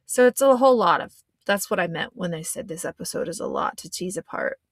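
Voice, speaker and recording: A woman's voice: lowish voice, expressive, brisk, no room sound, clean studio sound. A young adult woman hosting a podcast, talking in a loose, rambling, casual way. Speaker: podcast host. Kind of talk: casual chat.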